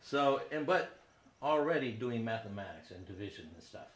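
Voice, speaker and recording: A man's voice: medium pitch, expressive, normal speed, reverberant. A man in his fifties hosting a comedy talk show from his living room, delivering a casual, self-deprecating monologue and laughing at his own jokes. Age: 50s. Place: living room with small audience.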